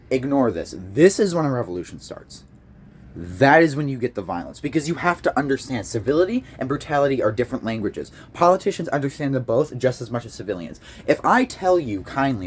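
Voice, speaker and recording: A man's voice: medium pitch, a little hiss or hum. A young man from the United States giving a heated, profane, rambling political rant with frequent restarts. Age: young adult. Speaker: political commentator. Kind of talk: casual rant to camera.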